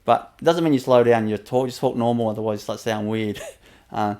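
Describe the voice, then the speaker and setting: Man, spiritual teacher, gentle guided talk, repeats himself, soft laughs, mid-pitched voice. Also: a little fast. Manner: gentle, repetitive, with soft laughs and many fillers. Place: webinar.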